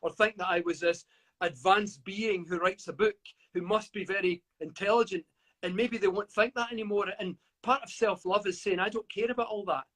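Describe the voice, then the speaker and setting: A man's voice: high voice, fairly even intonation, normal speed, fairly bright tone. A middle-aged man from the UK, a guest author reflecting at length in an interview, often stammering and restarting. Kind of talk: interview over a live video call.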